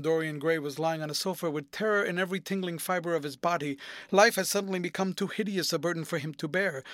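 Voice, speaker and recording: A man narrating a classic novel in a measured, expressive storytelling manner. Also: fairly high pitch, no echo. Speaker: audiobook narrator.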